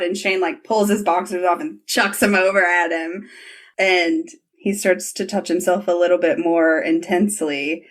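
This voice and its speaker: A woman hosting a casual podcast chat, retelling scenes with lively acted-out quotes and reading book passages aloud. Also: on the low side, normal speed. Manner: animated, acts out characters' lines in quotes. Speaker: podcast host.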